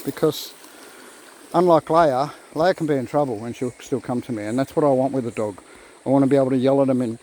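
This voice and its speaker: A vlogger with a warm, mid-range voice talks briskly into a phone camera outdoors by a creek, rambling casually and speaking to his dogs. The low-quality recording carries faint outdoor background noise and nature sounds.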